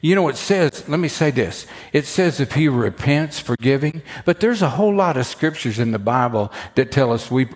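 A man preaching a sermon, telling a story with lively asides, acting out the voices of the people in it, and often repeating words as he starts a sentence. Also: mid-range voice, normal speed, few pauses. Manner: animated storytelling, acts out quoted voices. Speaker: pastor.

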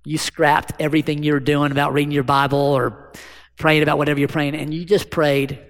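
A man's voice: fairly high pitch, flat delivery, brisk, vocal fry, fairly bright tone. A man preaching a sermon as pastor, talking conversationally and asking the congregation rhetorical questions. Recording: long hall reverb.

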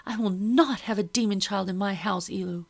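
A woman voicing a shrill, furious mistress. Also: normal speed, creaky. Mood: sputtering. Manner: screaming, commanding, loud.

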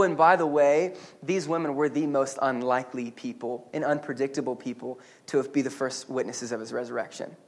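A man preaching a sermon as pastor at a church service, animated and humorous, with quick restarts and asides. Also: fairly high pitch.

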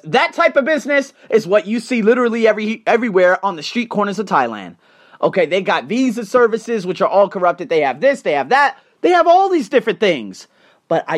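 Blunt, profane podcast host. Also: male voice, fairly high pitch. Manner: blunt, profane, animated storytelling. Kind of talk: solo podcast monologue.

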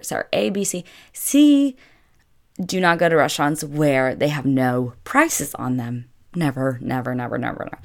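A young woman with a notably low-pitched voice recounts a travel mishap for her vlog. She talks casually and chattily, leaning on "like" in nearly every sentence. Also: gravelly. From United States. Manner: chatty, filler-heavy with constant "like". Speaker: vlogger. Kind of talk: casual storytelling.

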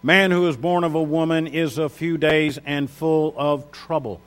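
A man's voice: a little high, steady tone, moderate pace. A man preaching a sermon, reading Bible verses aloud and stressing key words with rising emphasis.

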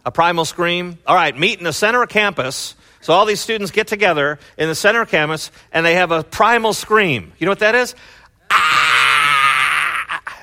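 A middle-aged male pastor giving a conversational sermon, loose and chatty with lots of fillers, swinging from low asides to loud excited bursts. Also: brisk, hardly any pauses, a little hiss or hum.

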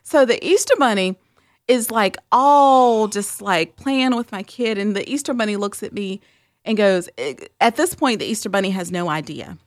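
A woman co-hosting a podcast, telling a story in an animated, chatty way with lots of "um" and "like". Her pitch swings widely from line to line. The sound is close and dry, with no room around it. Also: moderate pace, dry recording. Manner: animated, with frequent "um" and "like". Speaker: podcast co-host. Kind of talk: casual storytelling chat.

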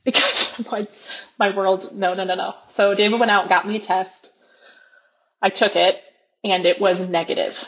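A woman in her thirties, a podcast guest, telling a personal story candidly and acting out her own inner voice with sudden jumps in pitch. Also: fairly bright tone. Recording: dull lo-fi podcast audio.

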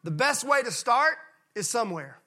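A man from Mississippi, preaching a sermon with emphatic delivery that slows down to stress key points and drops into quiet voices when acting out folksy characters. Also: very high voice, very animated. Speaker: pastor.

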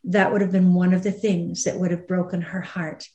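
A woman hosting an interview, talking earnestly and with emphasis, slowing down on heavy points. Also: lowish voice, level tone, a little mellow, muffled recording. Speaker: host. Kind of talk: conversational interview. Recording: roomy echo.

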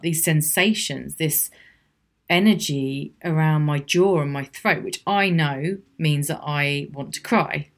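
A woman hosting a solo podcast, talking frankly and reflectively with small laughs. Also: low-pitched. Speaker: podcast host. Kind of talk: candid solo podcast monologue.

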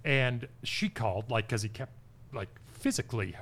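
A man's voice: medium pitch, moderate pace. A middle-aged man, a podcast guest, telling stories in a casual chat with lots of "oh, yeah" and "you betcha". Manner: animated storyteller, frequent "oh, yeah" and "you betcha".

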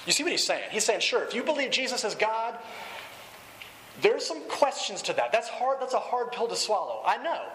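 Middle-aged male pastor, high and forceful, emphatic sermon delivery. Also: sing-song, slight background noise, rough recording. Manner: emphatic, slows down and drops pitch for key points.

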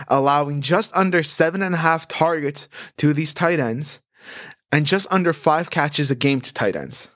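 A man hosting a sports betting podcast in a chatty, animated way, rattling off stats and odds. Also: on the high side, dry recording, studio quality. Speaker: host.

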